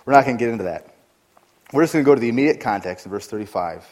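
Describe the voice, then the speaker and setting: A man preaching a sermon as a pastor, with rhetorical questions and repetitions, swinging between loud emphatic passages and hushed, intimate ones. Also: medium pitch, animated, racing. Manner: frequent rhetorical questions, repeats and restarts.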